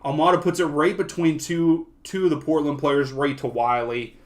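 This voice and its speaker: Excitable man doing casual play-by-play. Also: on the high side, normal speed. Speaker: watch-along host. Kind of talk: live match commentary.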